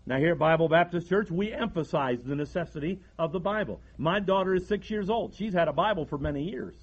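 A man's voice: fairly high pitch, fairly quick, husky, lo-fi sound. A man, preaching a folksy sermon from the pulpit and often restarting his sentences. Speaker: pastor.

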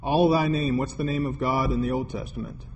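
A man's voice: medium pitch, steady tone, fairly quick. A man preaching a sermon, telling a story with quoted dialogue and building to emphatic points. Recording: long hall reverb, faint noise.

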